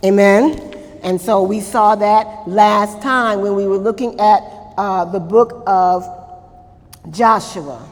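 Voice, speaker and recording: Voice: medium pitch, slow pace, long reverb tail. A Bible study teacher leading a church class, asking the group questions, answering them, and adding frequent amens.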